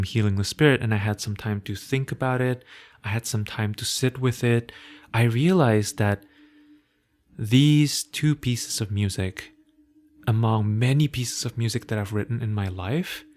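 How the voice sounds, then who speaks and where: A man with a hard-to-place accent, speaking English as a second language, hosting a solo podcast in a thoughtful, reflective way with soft laughs and phrases that trail off quietly. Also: on the low side. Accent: hard-to-place non-native English. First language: not English. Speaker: podcast host.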